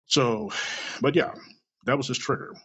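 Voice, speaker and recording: A man hosting a podcast, talking in a blunt, profane, self-deprecating casual monologue with a gravelly, husky voice. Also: mid-range voice, a little slow, fairly bright tone, dull audio. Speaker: podcast host.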